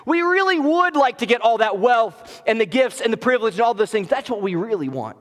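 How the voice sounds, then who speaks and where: A preacher acting out a greedy, scheming servant man who sounds incredulous and wheedling, his voice lifted fairly high. The words ring out with a long church reverb. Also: animated, brisk, a bit bright.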